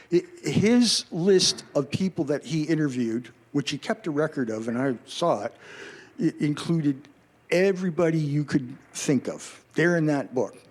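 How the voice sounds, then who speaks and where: A middle-aged man from Canada, a journalist telling a story to a live audience and acting out what people said. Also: a little high. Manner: animated, acts out quoted voices.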